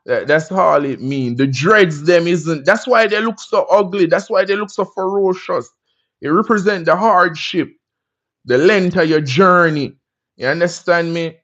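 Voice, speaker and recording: A man's voice: high-pitched, a little slow, fairly bright tone, highs cut off. A Jamaican man hosting a casual livestream, talking in a laid-back, chatty way and often asking "you understand me?". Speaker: livestream host.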